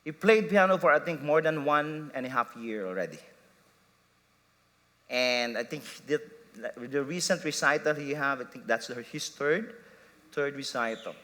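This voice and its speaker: A pastor in a church sanctuary delivers a sermon, recounting a family story and chuckling at himself as he quotes his wife and sons. His voice is fairly high and sharp, his pace measured, and the hall's long reverb hangs on every word.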